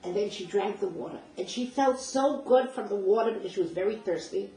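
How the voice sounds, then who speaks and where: A woman's voice: mid-range voice, fairly quick, warm tone. An older woman recounting personal memories as a vivid, emotional first-person story, acting out the dialogue. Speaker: speaker sharing personal memories. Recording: roomy distant mic with faint noise.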